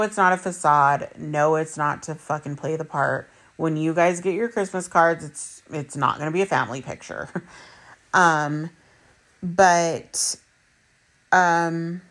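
A woman in her thirties, a mother, talking bluntly to her viewers about relationships, swearing freely and repeating points for emphasis. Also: low-pitched. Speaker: vlogger. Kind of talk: candid personal monologue.

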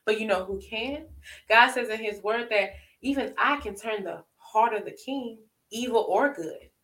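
Woman preacher, kinda high voice, keeps asking "right?". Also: unhurried. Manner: emphatic call-and-response asking "right?"; swoops high for emphasis, drops soft. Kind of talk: sermon.

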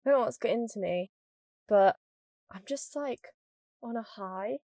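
A young woman from northern England with a mild northern accent, hosting a podcast as a casual chatty monologue and rambling quickly with lots of "like". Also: on the high side, mellow, no echo, clean studio sound. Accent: mild northern English. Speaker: podcast host.

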